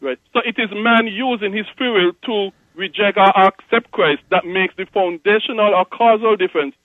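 A man's voice: high-pitched, normal speed, dry recording, narrow, tinny audio. Persistent male caller on a dry, phone-thin line. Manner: persistent, builds long chains of if-clauses. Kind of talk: call-in theological debate. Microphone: telephone.

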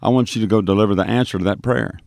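A street minister tells his testimony on a radio show, performing the voices of people in his story and restarting often. His voice is fairly low and darkish with vocal fry, and he races along. There is no echo.

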